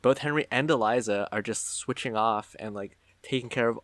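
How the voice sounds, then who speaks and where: A man's voice: medium pitch, moderate pace, a bit bright, no echo. A man co-hosting a podcast, recapping an episode in casual chat with wry asides. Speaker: podcast co-host.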